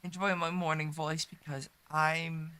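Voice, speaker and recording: A woman streaming a game and chatting casually, her voice congested and stuffy with a rough morning voice, talking low-key in loose, trailing phrases. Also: little pitch movement, unhurried, bright, forceful tone. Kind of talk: casual live-stream chat while gaming.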